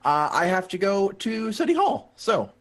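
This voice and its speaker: A man's voice: high voice, very animated, normal speed. A man as a player in a tabletop game, talking hesitantly with many fillers like "um" and "like". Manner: hesitant, lots of "um" and "like". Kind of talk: casual tabletop play.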